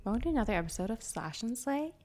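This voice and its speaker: A woman's voice: on the high side, big pitch swings, quick pace, darkish tone. A woman co-hosting a podcast in casual, playful banter, sounding stuffy. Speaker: podcast co-host. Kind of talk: casual chat.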